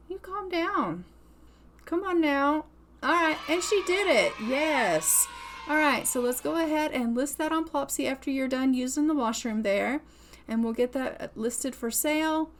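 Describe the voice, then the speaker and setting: Brief: a young woman with a fairly high voice, playful and chatty as she plays a life-sim game. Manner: chatty, playful, cheers the character on. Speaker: gaming channel host. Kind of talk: casual gameplay commentary.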